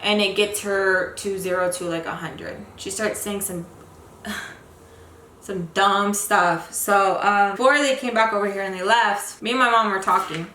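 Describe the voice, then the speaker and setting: In an echoey room with faint background noise, a young female vlogger speaks a little slowly at medium pitch, her tone bright and forceful. She rambles through a long personal story in frustration, using lots of fillers.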